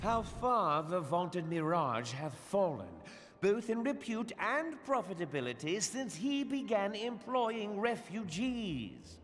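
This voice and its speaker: An actor playing a smug, scheming wealthy merchant lord in a game cutscene, speaking in a slow, sneering, measured way. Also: male voice, high-pitched, big pitch swings, full character voice. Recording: game cutscene with reverb and music.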